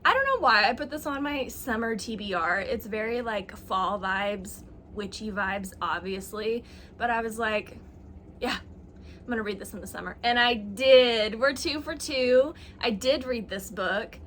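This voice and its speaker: A woman's voice: fairly high pitch, lively intonation, unhurried, a bit bright, slight background noise. A young woman talking casually on camera about her reading, chatty and self-mocking, with plenty of likes and ums. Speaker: booktuber. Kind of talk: casual chat.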